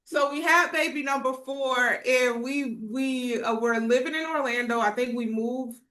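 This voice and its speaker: A woman's voice: high voice, a little slow, a bit bright, poor audio. A woman real estate agent telling her family story as a guest in a casual interview, chatty and laughing often. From United States.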